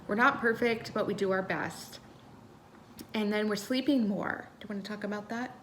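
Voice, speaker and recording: A woman's voice: medium pitch, normal speed, a bit bright, slight background noise. A woman co-hosting a casual podcast, talking in a chatty way with many ums and self-corrections. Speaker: podcast co-host.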